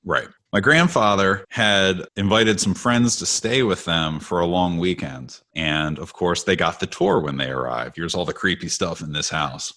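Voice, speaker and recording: A man from the United States, co-hosting a podcast, telling a family story in an animated, casual way. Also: deep voice, moderate pace, hardly any pauses. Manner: animated storyteller, acts out quoted voices with laughs. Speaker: podcast co-host.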